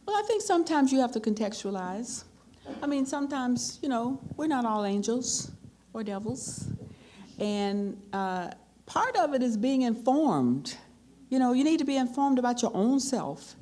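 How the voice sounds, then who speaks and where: Older woman telling an animated story. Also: fairly high pitch. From United States. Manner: animated, with acted-out quotes. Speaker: keynote speaker. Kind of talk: storytelling Q&A answer.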